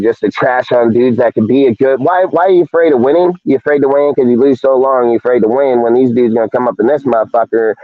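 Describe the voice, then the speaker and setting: A man's voice: medium pitch, no room sound. A man hosting a live fan show, ranting heatedly and swearing constantly. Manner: heated, profane, rapid rants. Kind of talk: ranting live-stream talk. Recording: dull lo-fi stream audio.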